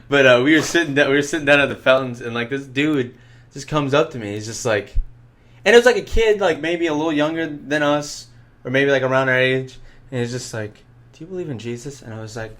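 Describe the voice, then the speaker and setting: A man's voice: mid-range voice, fairly quick, a bit bright. A young man co-hosting a casual podcast, meandering through an anecdote, laughing and swearing often. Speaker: podcast co-host. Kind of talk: casual chat.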